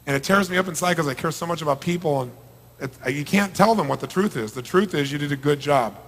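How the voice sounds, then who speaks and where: A middle-aged man gives a live motivational talk in a high voice. He swings between hushed, intimate lines and loud, emphatic outbursts. A long hall reverb trails every phrase. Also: a little fast. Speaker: motivational speaker. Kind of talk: live seminar talk to an audience. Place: large event hall.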